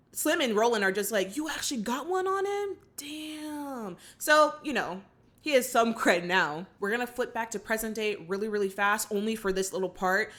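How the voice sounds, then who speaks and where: A woman's voice: mid-range voice, fairly bright tone. A young woman hosting a movie reaction channel, retelling the film and giving her opinions to viewers in a chatty, casual way. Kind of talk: casual film recap and commentary.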